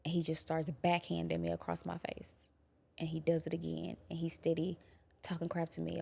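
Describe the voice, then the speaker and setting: A young adult woman quietly recounting a painful personal experience, halting and sometimes dropping to a whisper. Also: low-pitched, monotone, gravelly. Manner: quiet, halting, drops to a whisper at hard moments. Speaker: guest telling her story. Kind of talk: personal testimony.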